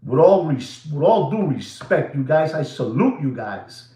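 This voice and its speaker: Guy ranting on his watch channel, high voice swinging all over, roomy echoey sound. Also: unhurried. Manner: excitable, theatrical, slips into Spanish asides. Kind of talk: animated rant to viewers. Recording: roomy echo.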